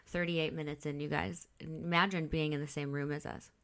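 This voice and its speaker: Low-voiced candid woman from Illinois. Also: level tone, moderate pace, a bit bright, clean tone. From Illinois, USA. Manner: candid, swears freely, lots of fillers. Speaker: podcast co-host. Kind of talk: casual chat.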